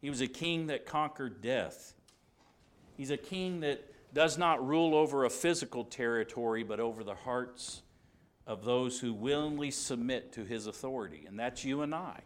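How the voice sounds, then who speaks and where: A man's voice: mid-range voice, moderate pace. A man preaching a sermon at a church service, emphatic and repeating key phrases, acting out quoted dialogue with drama.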